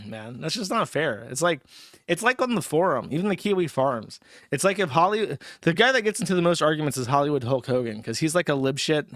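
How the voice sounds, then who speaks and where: A man's voice: on the high side, lively intonation, brisk, a bit bright, no echo, clean studio sound. Crude, sardonic man streaming commentary. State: tipsy from drinking. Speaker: streamer host. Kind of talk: casual livestream commentary.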